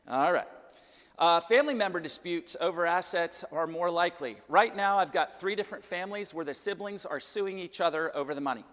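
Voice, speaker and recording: A man's voice: a little high, a bit bright, in a large hall. A Midwestern man from Kansas, a financial planner, giving a chatty church seminar talk and checking in with the audience every few sentences. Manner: chatty, keeps checking in with "okay?" and "right?". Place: church hall.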